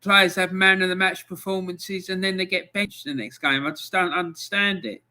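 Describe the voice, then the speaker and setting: A man's voice: high voice, steady tone, normal speed, pushed and bright. A man hosting a live football fan stream, ranting in angry exasperation about his team's loss. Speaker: fan channel host.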